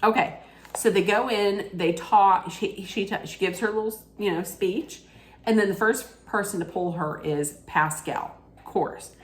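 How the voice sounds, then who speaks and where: A woman's voice: mid-range voice, measured pace. A woman giving a chatty, opinionated, rambling rant-style recap of a reality TV episode.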